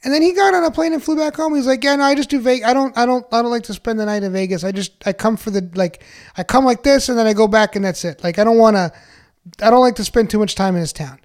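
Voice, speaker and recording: A man's voice: very high-pitched, fast talker. A man telling a story in casual podcast chat, rambling with lots of fillers and swearing.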